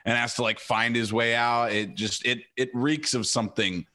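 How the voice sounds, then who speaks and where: A man's voice: medium pitch, steady tone, normal speed, bright, forceful tone. A man co-hosting a podcast, chatting casually in an opinionated way and drifting into tangents. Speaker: podcast co-host. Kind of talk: casual chat.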